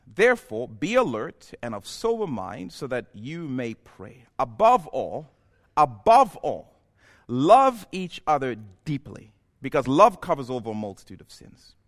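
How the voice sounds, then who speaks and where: A man preaching a sermon in a church, building from quiet, reflective passages to impassioned, near-shouted peaks. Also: medium pitch, big pitch swings, measured pace. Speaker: pastor.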